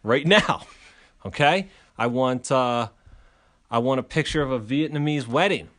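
A man co-hosting a casual podcast, mid-pitched and conversational. He rambles through absurd mock-promotional bits with a loose, joking delivery. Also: unhurried, fairly bright tone. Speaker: podcast co-host.

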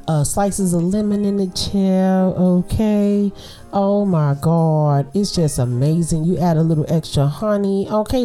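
A mother hosting a podcast, talking straight to her listeners in a lively, encouraging way. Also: mid-range voice. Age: adult with children. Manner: animated, talks straight to listeners with lots of "okay?" and "girl". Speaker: podcast host. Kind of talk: casual encouraging monologue.

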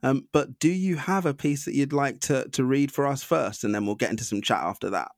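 Relaxed male interviewer with a dry sound. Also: medium pitch, fairly quick, creaky, no room sound. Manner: short reactions and laughter, relaxed. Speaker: podcast host. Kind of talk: casual interview.

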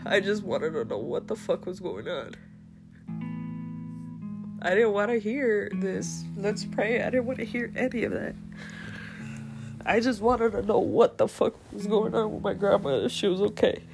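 A woman's voice: medium pitch, normal speed, vocal fry, long pauses, over music. A woman telling a raw personal story with heavy swearing and strong emotion, as a podcast host.

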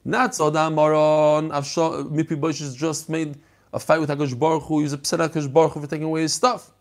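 A man's voice: a little high, flat delivery, fast talker. A man teaching a text study lesson, explaining passages and animatedly acting out the story.

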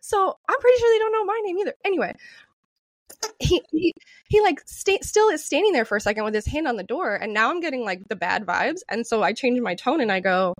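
A woman tells a story on a podcast in a loose, chatty way, swearing as she goes and laughing often. Her voice sits a little high and swings widely up and down. The sound is dry and close, with no room around her. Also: expressive, brisk, no echo. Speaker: podcast co-host. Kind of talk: casual storytelling chat.

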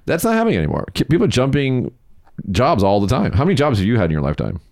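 A man hosting a casual podcast chat, a rambling, animated storyteller who acts out what others said. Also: medium pitch, rapid-fire, vocal fry, no echo, clean studio sound. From United States. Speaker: podcast host, company CEO.

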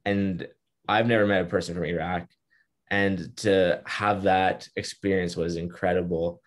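A man's voice: deep voice, fairly even intonation, unhurried. A young man telling his story as an interview guest, in an earnest, reflective way. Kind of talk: casual interview.

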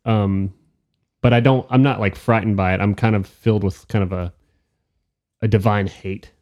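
Hesitant low-voiced man playing a paladin. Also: fairly even intonation, normal speed, a little mellow, muffled recording. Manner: hesitant, filler-heavy, reads rules aloud. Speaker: player. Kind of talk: casual tabletop game chat.

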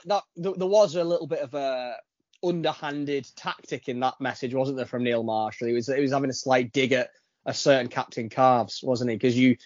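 A man's voice: medium pitch, dry recording, muffled recording. A male podcast host in casual chat, laughing and tripping over his words.

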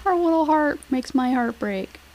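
A woman co-hosting a podcast, reacting with quick wry quips in casual chat. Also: high voice, animated, a little mellow. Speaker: podcast co-host.

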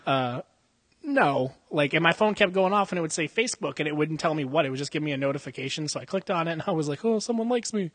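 Young guy podcasting from a gym, husky voice, swears nonstop and cracks himself up. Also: on the high side, quick pace, fairly bright tone, no room sound. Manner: profane, rambling storyteller who laughs often. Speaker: podcast co-host. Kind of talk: casual chat. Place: indoor jiu-jitsu gym. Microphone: podcast mic.

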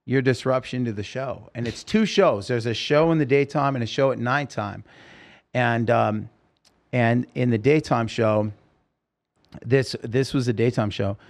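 A man of middle pitch recounting his early years as a guest on a podcast interview. He is an animated storyteller who acts out the lines of the people in his story. He speaks into a podcast microphone. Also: a little slow.

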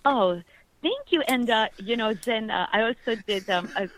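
A woman in her fifties, an actress chatting enthusiastically in an interview, full of fillers and warm thanks. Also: a little high, lively intonation, normal speed, a little hiss or hum, rough recording. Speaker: actress guest. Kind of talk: casual interview chat.

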